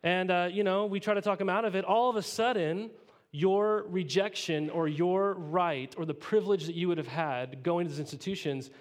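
A male pastor teaching a sermon in a casual, animated way, tossing rhetorical questions to the congregation and adding playful asides. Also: a little high. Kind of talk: conversational sermon.

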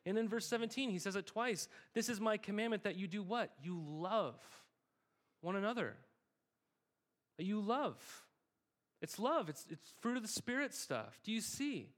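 A man's voice: sits high, big pitch swings, a little slow, fairly bright tone. A young man preaching a sermon in a conversational way, asking his listeners questions and repeating key phrases for emphasis. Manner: asks the congregation questions and answers them himself. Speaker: pastor.

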